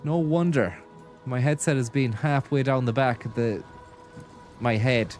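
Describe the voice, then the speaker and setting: A man's voice: medium pitch, steady tone, normal speed, darkish tone, faint music behind. A man streaming a game on a headset mic, chatting casually, rambling and thanking viewers. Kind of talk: casual gaming commentary.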